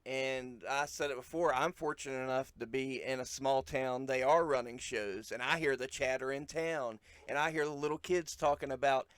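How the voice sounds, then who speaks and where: A man's voice: mid-range voice, fairly even intonation, normal speed, few pauses, fairly bright tone, clean tone, no room sound. A man hosting a casual podcast chat, laughing often and reacting with short interjections. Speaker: podcast host.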